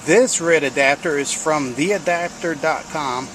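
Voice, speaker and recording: A man's voice: fairly high pitch, measured pace, noisy background. A man giving blunt, folksy workshop commentary on welding and truck repair, swearing casually as he works. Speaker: home mechanic showing welding work.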